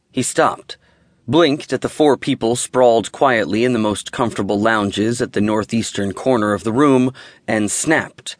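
A man narrating a fantasy audiobook in a steady, measured way, close to a studio mic. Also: medium pitch, no room sound.

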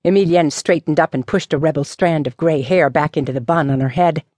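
A woman narrating a mystery novel as an audiobook, with measured, even storytelling. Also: deep voice, dry recording. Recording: dry studio audiobook.

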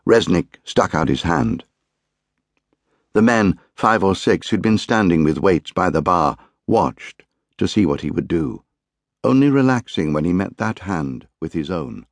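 Man, audiobook narration, very deep voice, measured, grave, dry close recording. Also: expressive, no echo. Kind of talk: scripted narration.

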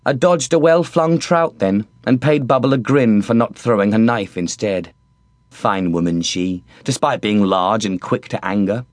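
A man's voice: fairly low pitch, measured pace, no room sound. A man reading a comic first-person audiobook with cheeky, mocking wit. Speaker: audiobook narrator.

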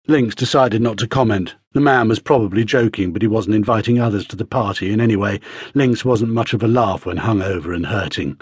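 A man reading an audiobook aloud in measured, vivid storytelling narration on a close studio mic. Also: lowish voice, husky, dry recording. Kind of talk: scripted narration.

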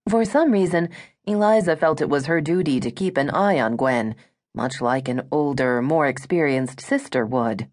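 Low-voiced woman narrating a romance. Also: normal speed, a little mellow. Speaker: audiobook narrator.

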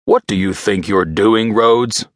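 A male narrator voicing a gruff, stern older army general who barks his orders. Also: fairly low pitch, takes it slowly, fairly bright tone, dry recording, studio quality. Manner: barking, stern.

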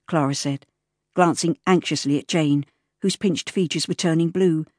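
A woman narrating an audiobook in a measured, even storytelling manner, recorded close in a studio. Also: sits low, dry recording. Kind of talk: scripted narration. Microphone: close studio mic.

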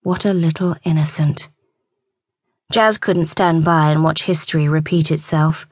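A woman narrating a romance audiobook in a measured storytelling manner. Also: deep voice, steady tone, darkish tone, no room sound, clean studio sound.

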